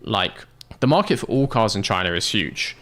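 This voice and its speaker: A man's voice: on the low side, big pitch swings, normal speed, fairly bright tone. A British man streaming a game, chatting casually with viewers, laughing often. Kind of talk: casual livestream chat.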